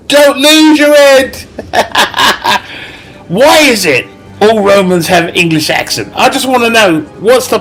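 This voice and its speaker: Brief: chatty male gamer, bright forceful voice, jokes and laughs through his commentary. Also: sits high, animated, very slow. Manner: joking, laughs often. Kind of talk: casual gameplay commentary.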